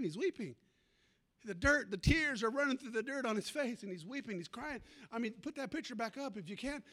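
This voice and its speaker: A middle-aged man pastor preaching a sermon, storytelling with sudden shouts and call-outs to the congregation. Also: extremely high pitch. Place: church.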